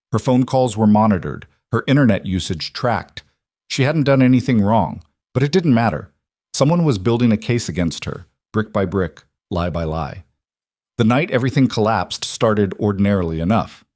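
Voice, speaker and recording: A man reading a dramatic story as scripted narration, in a measured storytelling manner. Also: fairly low pitch, a little mellow, no room sound, clean studio sound.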